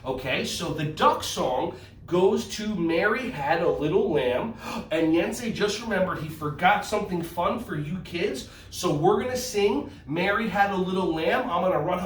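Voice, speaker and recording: A man leading a children's karate and yoga lesson, talking in a playful, animated way with sudden shouted cries. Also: sits high, slight background noise. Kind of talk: kids' movement lesson. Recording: echoey room, mic at a distance.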